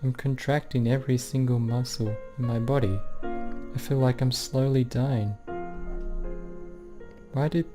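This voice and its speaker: A man's voice: medium pitch, steady tone, measured pace, pauses often, music in the background, natural voice. A man reading aloud as a distraught teenage girl in a visual novel, in a shaky, pleading first-person voice. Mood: despairing. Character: distraught teenage girl, panicking and self-blaming.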